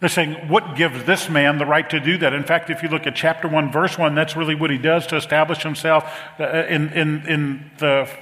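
A middle-aged man preaching a sermon as pastor, animated and repeating phrases for emphasis. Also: fairly high pitch, normal speed. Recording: long reverb of a large hall.

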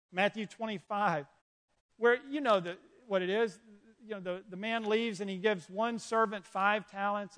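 A man preaching a sermon to young people, telling stories and urging listeners directly. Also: sits high. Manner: animated, storytelling, urges listeners directly. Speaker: youth pastor. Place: indoor room with an audience.

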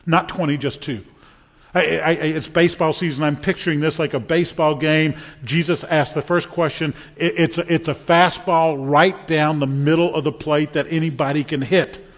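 A man preaches a sermon with a slightly raised pitch for his sex, folksy and full of stories and sports comparisons. His voice rings with the long reverb of a church hall. The sound comes through a bit dull and muffled. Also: steady tone, normal speed. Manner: folksy, storytelling preacher with repeated words and sports analogies. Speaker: pastor.

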